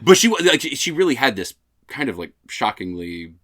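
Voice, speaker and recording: A man's voice: medium pitch, big pitch swings, a little fast, crowd noise. A man co-hosting a podcast, chatting casually about a film in a rambling, joking way with plenty of swearing. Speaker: podcast co-host. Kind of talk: casual film review chat.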